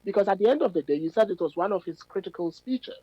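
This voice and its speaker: Analytical man, lively pitch. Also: dry recording, lo-fi sound. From Ghana. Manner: measured, analytical, emphatic stresses. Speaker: policy fellow and academic guest. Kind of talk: radio interview answers.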